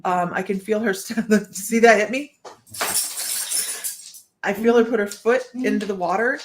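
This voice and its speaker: A woman's voice: medium pitch, a little slow, over music. A woman giving a live-streamed psychic reading, chatting to her viewers and thinking aloud in loose, rambling sentences. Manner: chatty, talks straight to viewers and greets them by name. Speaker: psychic reader.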